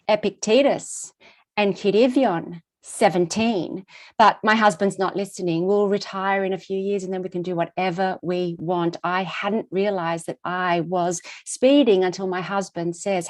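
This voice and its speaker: This middle-aged woman, presenting at a conference, narrates something from her own life in an unhurried, mid-range voice. She repeats herself a lot, giving the story an expressive rhythm.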